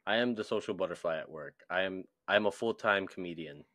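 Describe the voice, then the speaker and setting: A young man co-hosting a podcast in a casual chat, animated and laughing often. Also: sits low, fairly quick, no room sound, studio quality. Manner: animated, laughs often, acts out voices in stories. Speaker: podcast co-host.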